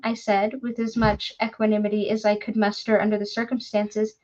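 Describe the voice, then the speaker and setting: A woman's voice: medium pitch, flat delivery, moderate pace, few pauses. Woman narrating a story, lo-fi. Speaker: audiobook reader.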